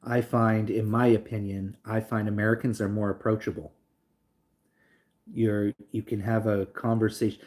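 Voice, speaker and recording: Young guy with a lowish voice rambling on a livestream, tons of "like" and "um". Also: flat delivery, moderate pace, darkish tone. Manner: rambling, filler-heavy, reads chat aloud. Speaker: livestream host. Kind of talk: casual live stream chat.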